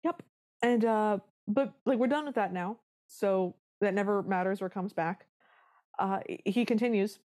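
A woman's voice: mid-range voice, unhurried, darkish tone. A woman co-hosting a podcast, recapping a film in casual chat with wry, dramatic storytelling. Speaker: podcast co-host.

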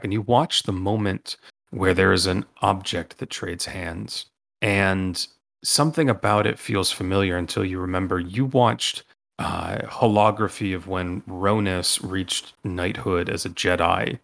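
A man's voice: deep voice, fairly even intonation, unhurried, vocal fry, a bit bright. A man running a tabletop role-playing game as game master, rambling with many ums and restarts.

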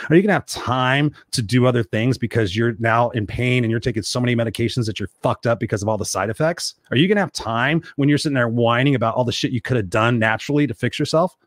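Male motivational host, quick, blunt, profane, dry close sound; keeps hammering the same point. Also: medium pitch, no room sound. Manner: blunt, profane and emphatic, repeating phrases for force. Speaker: live-stream host reading viewer comments. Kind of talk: motivational live-stream talk.

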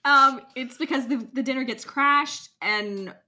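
Podcast co-host, female, bright and animated, casual book chat. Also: high-pitched, a little slow. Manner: animated, lots of "like", laughs while reading. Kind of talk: casual book chat, reading excerpts aloud.

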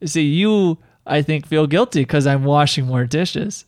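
Man co-host, deadpan and laid-back, halting delivery, dry mic sound. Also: on the high side, no echo. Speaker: podcast co-host. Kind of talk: casual comedic chat. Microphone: podcast mic.

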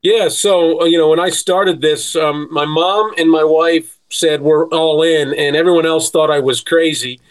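A middle-aged sports agent telling lively stories in casual chat, laughing often. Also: male voice, a little high, measured pace, hardly any pauses, poor audio. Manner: animated storyteller, laughs often.

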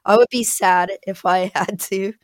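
A woman's voice: medium pitch, steady tone, normal speed, no echo, studio quality. An American woman talking as a podcast guest, chatty and rambling, with frequent fillers and laughs. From United States. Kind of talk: casual interview chat.

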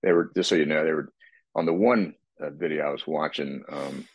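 A man co-hosting a casual podcast, explaining training in a relaxed, rambling way with many restarts. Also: very deep voice, fairly quick, slightly rough, dry recording. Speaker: co-host, fitness expert.

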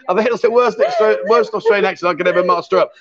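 A man hosting a live stream from a bar club, joking and teasing his guest in quick banter. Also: high-pitched, a crowd in the background. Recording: dull lo-fi sound.

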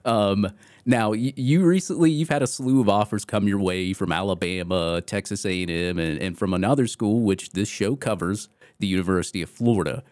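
A man hosting a podcast and interviewing a guest, talking in an excitable, energetic way and often repeating words as he starts a sentence. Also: on the low side, moderate pace, no echo, studio quality. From Georgia. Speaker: podcast host.

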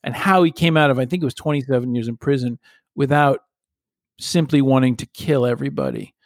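A man's voice: medium pitch, fairly quick, creaky, no room sound, studio quality. A man in casual conversation as a podcast co-host, musing and rambling with playful banter. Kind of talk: casual chat.

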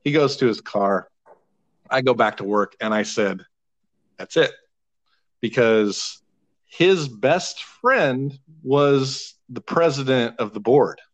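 A man in his thirties telling a long, animated, profane story in casual podcast chat, laughing now and then. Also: medium pitch, slow pace, muffled recording.

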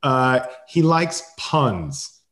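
A man's voice: medium pitch, sing-song, very slow, a bit bright. A man interviewing a guest in a friendly, teasing, conversational way. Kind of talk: casual interview.

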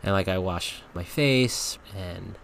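A man hosting a podcast, telling a frank comic story in a casual, animated way and laughing often. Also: sits low, takes it slowly, vocal fry, slight background noise. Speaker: podcast host.

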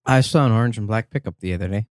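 A man's voice: lowish voice, racing. A man co-hosting a casual podcast with dry, teasing humor. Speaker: podcast co-host. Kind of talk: casual chat.

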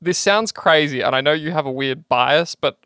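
An Australian man co-hosting a podcast in casual chat, animated, jumping up in pitch when excited and laughing as he talks. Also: normal speed, no room sound, studio quality. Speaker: podcast co-host.

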